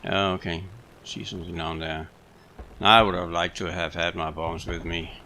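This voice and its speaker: Low, bright-toned man casually commenting on his gameplay, light background hiss. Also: moderate pace. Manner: relaxed, chatty, self-amused. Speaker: gaming video host.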